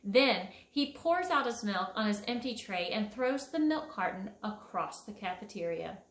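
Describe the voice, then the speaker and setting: A woman, a children's book author, greeting schoolchildren and reading her picture book aloud with expressive, encouraging delivery. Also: mid-range voice, moderate pace. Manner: warm, encouraging, expressive storytelling. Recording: echoey room.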